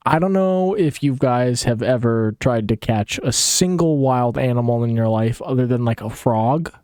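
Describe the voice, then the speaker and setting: A man's voice: mid-range voice, animated, normal speed, a little mellow, dry recording, clean studio sound. A man retelling a story in a casual, comedic way, sarcastic and rambling with restarts.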